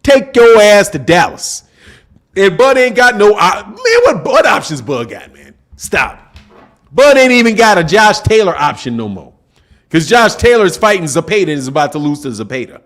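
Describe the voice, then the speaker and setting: Male stream host, high voice, emphatic slangy rant, repetitive, reacting to chat. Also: sing-song, moderate pace, a bit bright. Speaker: boxing channel host. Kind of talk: casual live-stream commentary.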